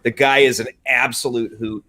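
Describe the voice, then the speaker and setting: A man's voice: mid-range voice, fairly even intonation, moderate pace, bright, forceful tone. A man joking around in a laid-back way on a podcast panel. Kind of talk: casual group chat.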